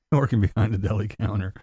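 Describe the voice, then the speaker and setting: A man's voice: fairly low pitch, dark tone, husky, no echo, studio quality. A man hosting a casual commentary vlog, blunt and mocking, cursing freely. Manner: mocking, blunt, swears a lot. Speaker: commentary channel host.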